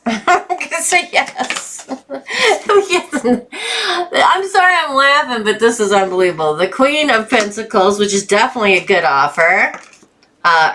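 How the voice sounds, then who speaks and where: Chatty woman tarot reader, lowish voice. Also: a little hiss or hum. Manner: chatty, laughs often, bursts of excitement. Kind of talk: live tarot reading stream.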